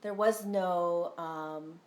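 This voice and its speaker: A woman's voice: fairly low pitch, steady tone, very slow, roomy sound. A woman talking casually on a live stream as a spiritual teacher, earnest and rambling, with frequent ums and tag questions. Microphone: phone.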